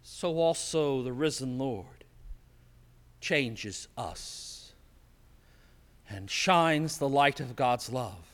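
A man preaching a sermon as pastor, slow and emphatic, dropping to a hush on key words, recorded in an empty church. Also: medium pitch, animated, long reverb tail. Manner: slow, emphatic preaching with dramatic drops to quiet.

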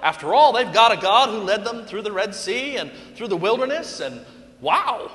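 Casting: high-voiced, bright male preacher, slow and expressive sermon delivery. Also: big-room sound. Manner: animated storytelling with playful asides.

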